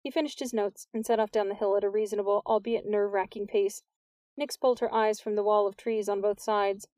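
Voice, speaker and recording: A woman's voice: mid-range voice, steady tone, fairly quick, darkish tone, dry recording. Woman narrating a story, close and dry. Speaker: audiobook narrator. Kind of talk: scripted narration.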